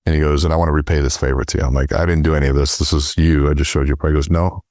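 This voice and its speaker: A middle-aged man, a sales trainer, telling animated stories in an interview and acting out the dialogue. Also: extremely low pitch, rapid-fire, dry recording, studio quality. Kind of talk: storytelling in interview.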